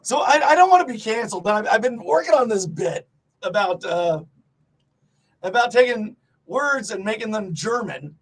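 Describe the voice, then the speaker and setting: A man trading crude comic banter as a show host, excitable and swearing, often shouting. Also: sits high, normal speed, poor audio. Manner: loud, excitable, swears a lot, breaks into shouting.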